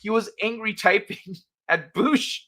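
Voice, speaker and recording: High, bright-voiced man hosting a livestream. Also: slow pace. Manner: laughs a lot, swears, quotes people in animated voices. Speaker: livestream host. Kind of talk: casual chat with live chat.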